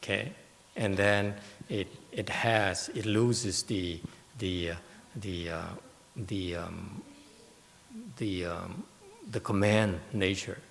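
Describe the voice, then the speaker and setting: Slow, gravelly male Buddhist teacher lecturing in a reverberant hall; deliberate, emphatic delivery. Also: sits low, fairly even intonation, a bit bright. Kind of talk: Dharma lecture with questions. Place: meditation hall.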